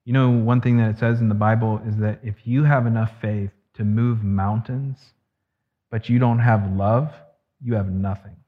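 A man preaching a sermon as pastor, earnest and slowing down to stress key words. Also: lowish voice, steady tone. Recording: echoey hall, dull lo-fi sound.

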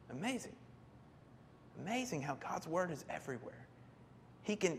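Guy preaching a sermon, kinda high voice, acts out the story bits, long hall echo. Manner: animated, acts out quoted characters, asks the congregation questions. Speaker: pastor.

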